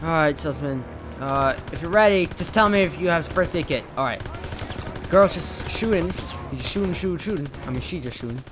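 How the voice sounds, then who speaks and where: Excitable high-voiced man yelling over gameplay. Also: brisk. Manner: excitable, yells and repeats words in bursts. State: hoarse from yelling. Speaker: gaming video creator. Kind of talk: let's play commentary. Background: game music and gunfire.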